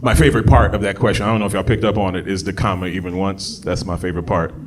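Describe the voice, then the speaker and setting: A man's voice: fairly low pitch, racing, noisy background. A man performing a stand-up comedy set on a club stage into a handheld mic, chatty and laughing at his own jokes. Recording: live club with audience crowd.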